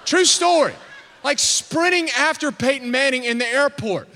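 High bright-voiced preacher in a reverberant hall. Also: male voice, moderate pace. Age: 30s. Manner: animated, excitable, self-mocking. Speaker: pastor. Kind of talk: humorous storytelling sermon. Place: church.

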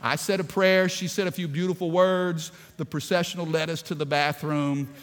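A male pastor preaching a sermon, animated and emphatic, often rising in force. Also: on the high side, normal speed, big-room sound.

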